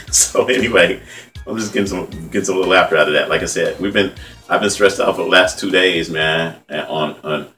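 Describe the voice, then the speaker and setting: Deep-voiced fast-talking man in his fifties. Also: fairly even intonation, bright, forceful tone. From California. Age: 50s. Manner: conversational, repetitive, heartfelt, says "man" often. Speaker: independent journalist and vlog host. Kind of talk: casual rambling commentary. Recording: distant mic with faint music behind.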